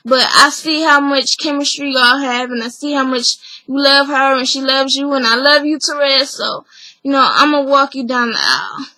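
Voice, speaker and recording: A woman's voice: sits high, sharp tone, no room sound, rough recording. A woman recapping a reality show episode in a chatty, opinionated vlog, acting out the people she quotes. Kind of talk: casual recap review.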